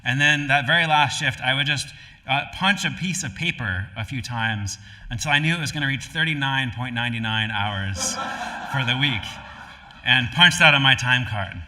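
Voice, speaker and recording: A male pastor from Connecticut tells a sermon like a casual story, full of ums and restarts. His voice is bright and forceful at a middle pitch. It is recorded in a church sanctuary, with a long reverb trailing each phrase. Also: normal speed. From Connecticut, USA. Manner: relaxed, conversational, with frequent fillers and restarts. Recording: live-streamed hall with long reverb.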